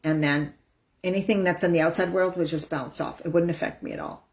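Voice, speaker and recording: Woman, live-stream empowerment coach; lowish, soothing voice, breathy whoosh releases. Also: fairly even intonation, brisk. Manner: soothing, demonstrates breathing out with loud whooshing sighs. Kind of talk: casual live-stream teaching.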